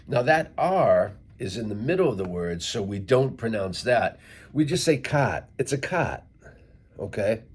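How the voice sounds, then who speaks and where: A middle-aged man from central Massachusetts, speaking as an English teacher in a casual, deliberate monologue to camera and spelling words out letter by letter. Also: fairly low pitch, very animated, husky. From central Massachusetts, USA.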